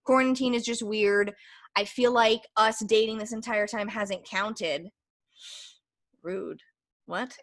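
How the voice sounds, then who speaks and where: A woman's voice: medium pitch, fairly even intonation, takes it slowly, long pauses. A young woman hosting a podcast, telling a candid, rambling story in casual chat with lots of fillers. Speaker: podcast host.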